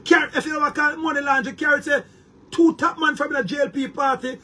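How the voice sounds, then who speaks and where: A man's voice: very high-pitched, flat delivery, brisk, pushed and bright. A Jamaican man delivering a heated, boastful monologue to his viewers, repeating words and restarting often. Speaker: online commentator.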